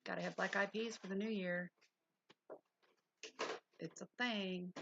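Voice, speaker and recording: Older lady rambling on her livestream, bit of fry in the voice, faint hiss behind. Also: medium pitch, steady tone, a little slow. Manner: chatty, rambling, talks back to chat. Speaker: livestream host. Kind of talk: casual chat with live viewers. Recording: dull lo-fi stream audio with faint hiss.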